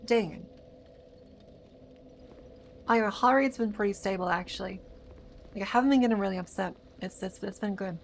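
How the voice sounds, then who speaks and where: A woman's voice: mid-range voice, moderate pace, long pauses, slight background noise. A woman streaming a video game live, chatting and reacting as she plays, often stammering and repeating words, her voice slightly strained. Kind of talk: casual live gameplay commentary.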